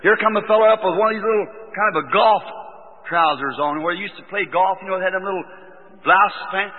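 Folksy preacher on an old hall recording. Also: male voice, high-pitched, fast talker, phone-quality sound. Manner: folksy, rising to excited exclamations. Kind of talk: storytelling sermon.

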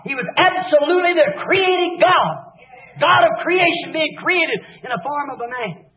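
Brief: fervent man preacher with a very high voice; shouts, then drops to hushed lows; old tinny tape in an echoey hall. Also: lively intonation, moderate pace. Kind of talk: impassioned revival sermon.

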